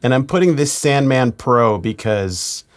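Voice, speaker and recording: A man working as a mix engineer, walking through a studio mixing tutorial in a relaxed, explanatory way. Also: medium pitch, measured pace, faint music behind. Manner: relaxed, explanatory, chuckles now and then.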